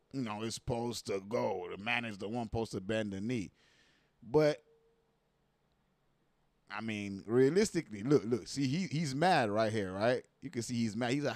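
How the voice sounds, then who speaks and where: A man's voice: medium pitch, expressive, normal speed, no echo. A man hosting a livestream, reacting to viral clips in casual, slangy, profane talk full of rhetorical questions.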